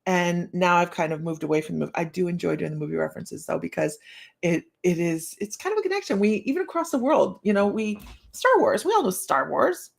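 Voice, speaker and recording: A woman's voice: on the low side, big pitch swings, a little fast, creaky. A woman in her fifties, a psychic reader hosting a live stream, chatting casually with her viewers, laughing often and playfully talking straight to them. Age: 50s.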